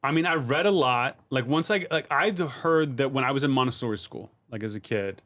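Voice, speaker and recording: A middle-aged man speaks at an ordinary, middling pitch. He is a comedian and a podcast guest, telling his stories in a loose, relaxed way with plenty of fillers. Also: fairly quick. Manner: relaxed, rambling storytelling with many fillers. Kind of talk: casual podcast chat.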